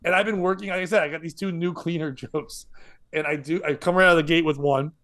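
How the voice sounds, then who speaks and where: A man's voice: on the high side, steady tone, fast talker, fairly bright tone. A stand-up comedian co-hosting a podcast, telling a rambling story full of fillers and chuckling at his own tale.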